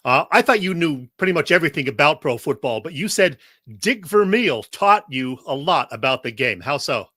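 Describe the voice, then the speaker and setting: A man's voice: on the high side, animated, normal speed, sharp tone, dry recording, studio quality. A male radio show host interviewing his guest, asking direct, attentive questions.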